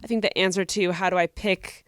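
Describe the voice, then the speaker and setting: A woman's voice: on the low side, steady tone, a little fast, no room sound, studio quality. A young woman co-hosting a podcast, giving earnest, encouraging advice in casual chat. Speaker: podcast co-host.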